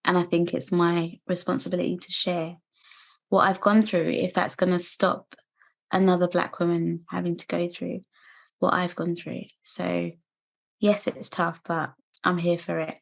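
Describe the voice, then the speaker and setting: A British woman in her thirties speaks as an interview guest, earnest and reflective. Her voice sits a little low. She talks in a measured, steady way. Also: creaky. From United Kingdom. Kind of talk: personal testimony interview.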